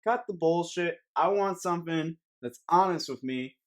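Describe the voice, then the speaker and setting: A man's voice: a little high, normal speed. A young man giving a rambling, sarcastic comedic rant to camera as a vlogger, swearing often.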